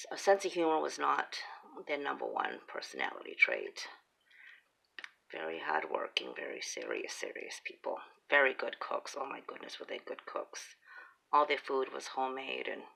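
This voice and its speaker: Middle-aged lady rambling family stories over a craft, lots of vocal fry, laughs and whispery asides. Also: extremely low pitch, bright, forceful tone, rough recording. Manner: chatty, laughing, drops into breathy whispered asides. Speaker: craft vlogger. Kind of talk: casual storytelling while crafting.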